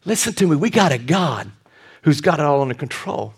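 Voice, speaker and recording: Brief: middle-aged male pastor, fairly high voice, lively sermon delivery with loud peaks and hushed moments. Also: brisk, husky. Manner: animated preaching with sudden loud bursts and quiet asides.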